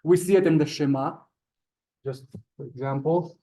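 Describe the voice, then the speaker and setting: A man teaching a live beginners' Hebrew class, halting and repeating words, polite to his students. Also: a little high, fairly even intonation, warm tone.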